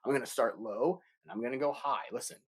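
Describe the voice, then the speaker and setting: A man teaching an elementary music lesson for children, explaining patiently and slowly with playful asides. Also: medium pitch, breathy edge. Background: guitar playing.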